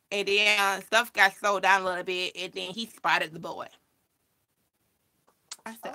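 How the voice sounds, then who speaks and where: A woman vlogger telling a story in casual chat, animated and acting out the voices of the people she quotes. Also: medium pitch, a little slow, pauses often.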